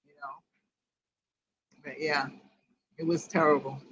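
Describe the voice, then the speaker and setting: A woman's voice: low voice, level tone, takes it slowly, a little hiss or hum, low-quality recording. An older woman hosting a grief group, telling a personal story in a rambling way and quoting each conversation word for word. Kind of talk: personal storytelling in casual chat.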